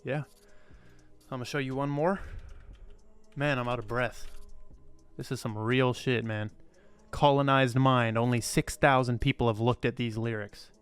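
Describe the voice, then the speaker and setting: A man's voice: mid-range voice, steady tone, unhurried, long pauses, smooth, faint music behind. A man hosting a crypto channel, talking casually and emphatically, rambling and repeating himself, blunt and swearing freely. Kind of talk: casual commentary to camera.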